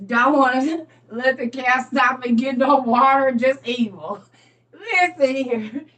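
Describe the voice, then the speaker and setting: Laughing woman, slow, sitting far from the mic. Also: sits high. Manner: animated, laughs often, dramatizes Bible stories. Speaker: speaker on a faith livestream. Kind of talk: casual preaching talk.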